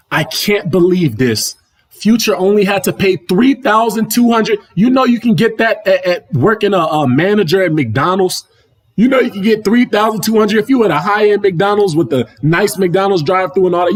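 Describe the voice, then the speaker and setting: A young man with a husky, fairly high voice rants on his livestream from home. He sounds mocking and excitable, full of slang, and keeps turning to his chat. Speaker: livestream host. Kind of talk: opinionated livestream commentary. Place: home, apartment.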